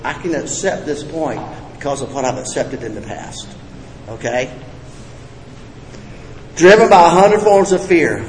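A man's voice: a little high, animated, measured pace, pauses often, a little mellow, slight background noise. A man giving a recovery talk, blunt and folksy, telling jokes with profane humor. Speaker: recovery meeting speaker. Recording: echoey hall with reverb, faint ambience.

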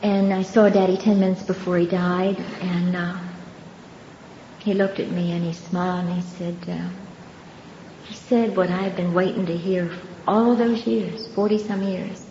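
An older woman giving her personal testimony at a recovery meeting, telling her story earnestly and unhurriedly with pauses and soft laughs. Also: fairly low pitch, fairly even intonation. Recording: dull, roomy hall recording with faint background noise.

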